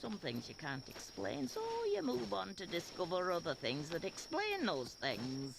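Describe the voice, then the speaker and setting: An actress playing a gruff old blind woman seer in a video game, blunt and wry. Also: on the low side, wildly swooping pitch, a little slow, background noise, heavily acted. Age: older. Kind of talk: game voice acting.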